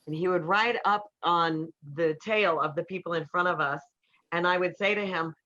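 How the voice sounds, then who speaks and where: Middle-aged female speaker, animated storyteller, bright tone, dull lo-fi sound. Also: lowish voice, normal speed. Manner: animated storyteller who acts out quotes. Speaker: relationship counselor speaking to an audience. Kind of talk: storytelling talk to an audience. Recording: slightly dull, muffled recording.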